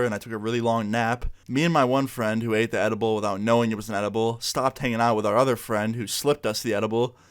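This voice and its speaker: A young man casually telling a school story to his viewers, acting out the dialogue as he goes, with lots of "like" and relaxed asides. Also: mid-range voice, clear, resonant tone. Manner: relaxed, chatty, heavy use of "like"; acts out dialogue with quotes. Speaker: vlogger.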